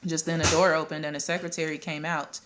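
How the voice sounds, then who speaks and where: A woman reading a children's novel aloud at a steady pace, with occasional coughs and restarts. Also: deep voice, fast, background noise. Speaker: audiobook reader.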